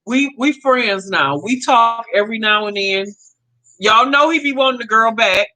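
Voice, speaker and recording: Woman in her 50s, vlogger; high, swooping, bright voice, chatty and laughing. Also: normal speed, low-quality recording. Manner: animated, laughs often, addresses viewers as y'all. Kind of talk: casual storytelling to viewers.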